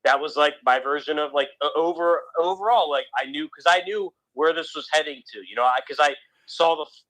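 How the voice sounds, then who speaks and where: A man with a faint East Coast accent rambles gloomily in a casual radio podcast chat. His voice sits a little high, and he keeps restarting his sentences, leaning on fillers like "like" and "you know.". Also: a little fast, a bit bright, low-quality recording. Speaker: podcast co-host.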